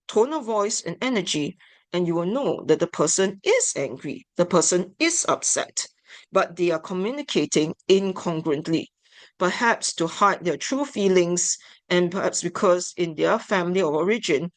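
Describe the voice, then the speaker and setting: Lady teaching a therapy lesson, kinda low voice, slow and careful, dry recording. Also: dry recording. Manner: measured, deliberate, explanatory. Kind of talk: instructional lecture.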